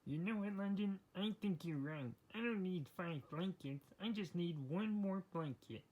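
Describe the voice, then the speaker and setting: Someone voicing an eager toy character in a homemade story video, talking quickly. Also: mid-range voice, darkish tone, highs cut off, natural voice.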